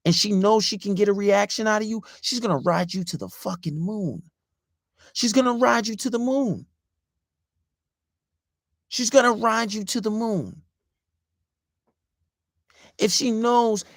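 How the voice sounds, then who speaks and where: Gravelly guy ranting dating advice, swears a lot, keeps going "right?", dead dry sound. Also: high-pitched, moderate pace, dry recording. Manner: emphatic, profane, repeats points, keeps asking "right?". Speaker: dating coach. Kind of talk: casual advice monologue.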